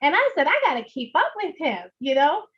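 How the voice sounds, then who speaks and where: A Bronx woman with a New York accent shares her story in an earnest, driving way, leaning on repeated phrases. Her voice sits high. The sound is a little dull, like a video call. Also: big pitch swings, a little fast. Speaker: guest, notary signing agent. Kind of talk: emotional personal testimony.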